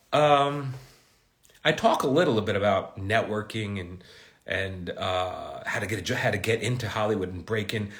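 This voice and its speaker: A middle-aged man hosting a casual live Q&A. He jokes and reads viewer questions aloud. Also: fairly low pitch. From United States. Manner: slips into halting learner's Italian.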